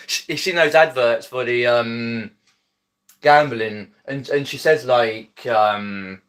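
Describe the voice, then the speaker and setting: A man with a South East English Mockney accent talks off the cuff to his live stream viewers. His voice is mid-pitched and bright, with a forward edge. He rambles, stumbles and restarts, dropping his aitches as he goes. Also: extremely slow. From Epsom, Surrey, England. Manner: rambling, hesitant, many ums and restarts, laughs often. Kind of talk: casual live stream chat. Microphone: phone.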